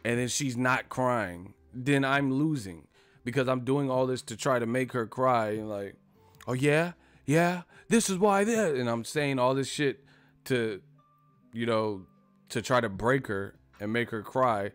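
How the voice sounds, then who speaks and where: A male host chats casually on a live stream in a mid-pitched voice. He rambles, swears freely and laughs at his own jokes. The sound is dry and close, with faint music playing underneath. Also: measured pace, a bit bright, clean tone, no echo. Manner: profane, rambling, laughs often.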